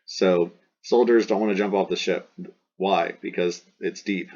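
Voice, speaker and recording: A man with a low, husky voice walks through a Latin passage in a relaxed teaching manner. He thinks aloud and weighs several renderings for each word. The recording sounds dull and lo-fi. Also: unhurried. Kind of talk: casual recorded Latin translation lesson.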